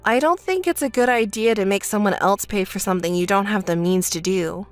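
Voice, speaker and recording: A woman voicing a calm, blunt young woman who answers her sister in a dry, dismissive way, in a narrated texting story. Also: medium pitch, a little fast, faint music behind, voice pushed down, close to an everyday voice.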